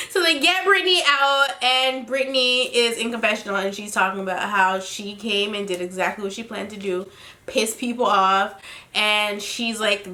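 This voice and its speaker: A woman giving a casual, profane recap of a reality TV episode, animated and often laughing as she quotes the cast. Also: a little high, a little slow, echoey room.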